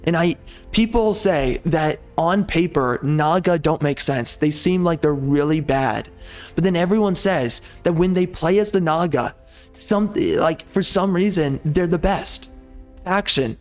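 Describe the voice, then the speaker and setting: Over gameplay, a gaming channel host rants in a fairly high voice at a measured pace, with faint music playing behind him. He's agitated and seething, swearing angrily and stammering through repeated words.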